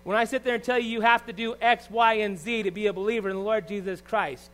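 A man with a notably high voice preaches a sermon at a church service. He talks to the congregation in a conversational way, throwing out rhetorical questions and swinging between loud emphasis and quiet asides. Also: steady tone, fast, rough recording.

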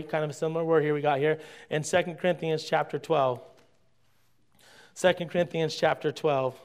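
Animated high-voiced male preacher. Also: clean tone. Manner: animated, rhetorical questions to congregation; swings between loud emphasis and quiet asides. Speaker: pastor. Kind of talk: sermon.

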